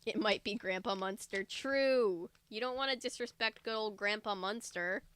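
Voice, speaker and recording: A woman's voice: mid-range voice, moderate pace, fairly bright tone, smooth. A woman reading a book aloud on a livestream, breaking off for chatty, joking asides. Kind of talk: casual read-aloud livestream.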